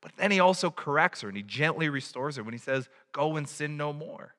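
Animated male preacher in a reverberant hall. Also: fairly high pitch, brisk. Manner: animated, acts out little scenes. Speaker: pastor. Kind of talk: sermon.

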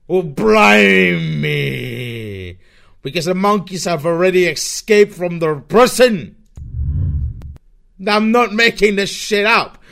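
Profane, slow-talking man ranting solo. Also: high-pitched, fairly bright tone. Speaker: podcast host. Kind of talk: solo rant podcast.

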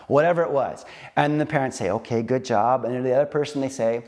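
A man preaching a sermon, earnest and slow, repeating phrases with emphatic pauses. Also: medium pitch, darkish tone. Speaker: pastor.

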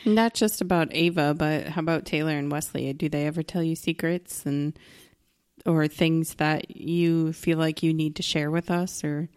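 A middle-aged mother calmly interviewing her daughter with deliberate questions. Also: low-pitched, clear, resonant tone, no room sound, studio quality. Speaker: parent interviewer.

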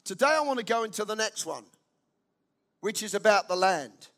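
A man with a notably high voice preaches a sermon from the pulpit. He speaks with emphasis, says his key lines twice and turns to the congregation with direct questions. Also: lively intonation, normal speed, a bit bright. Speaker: pastor.

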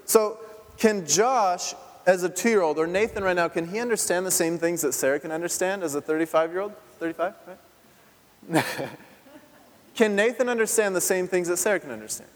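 High-voiced preacher in a reverberant hall. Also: male voice, normal speed. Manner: conversational, asks the congregation questions, laughs often. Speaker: pastor. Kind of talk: interactive sermon. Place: church sanctuary.

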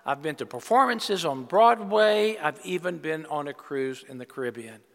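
A bragging, well-traveled twenty-dollar bill, as a preacher puts him on in a sermon joke. His voice sits a little high for a man and rings through a long church reverb. He proudly lists one place after another. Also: lively intonation, normal speed, a bit bright. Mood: boastful.

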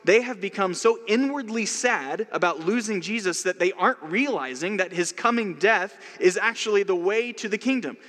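A man's voice: high-pitched, normal speed, hardly any pauses, fairly bright tone, big-room sound. A man preaching a sermon in a conversational way, with casual asides. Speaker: pastor.

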